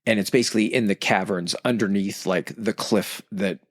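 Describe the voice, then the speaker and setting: A man's voice: lowish voice, normal speed, no room sound. A man co-hosting a podcast in casual chat, rambling and profane, sometimes acting out quoted voices. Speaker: podcast co-host explaining history.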